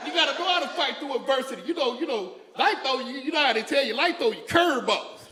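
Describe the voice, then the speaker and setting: A stand-up comedian, a man with a strikingly high, bright and forceful voice, tells stories in a loose, chatty way and keeps throwing asides to the crowd. He is heard on a stage mic in a big hall, with a long echo trailing each line. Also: lively intonation, fast, slight background noise. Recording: echoey hall with long reverb.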